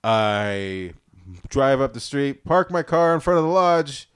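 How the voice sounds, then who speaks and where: Animated young man telling a raunchy story. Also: medium pitch, slow pace, clean tone, no echo, studio quality. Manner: animated, acts out voices, swears a lot. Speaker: podcast co-host telling a story. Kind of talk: casual comedic storytelling.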